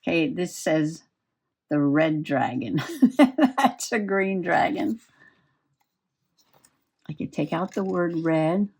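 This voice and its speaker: Woman, casual crafting chat, unhurried, laughs often. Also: lowish voice, lively intonation, vocal fry, darkish tone, husky. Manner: chatty, giggly, talks while working. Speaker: crafting vlogger.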